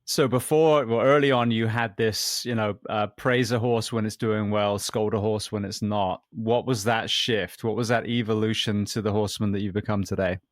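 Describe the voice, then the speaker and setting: A man's voice: on the low side, fairly even intonation, moderate pace, hardly any pauses, no echo, clean studio sound. A man hosting a podcast who asks thoughtful, probing questions. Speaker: podcast host. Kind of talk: interview questions.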